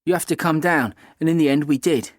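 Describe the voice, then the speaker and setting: A man's voice: fairly high pitch, fairly quick, dry recording. Dry, close male audiobook narrator. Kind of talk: scripted first-person narration.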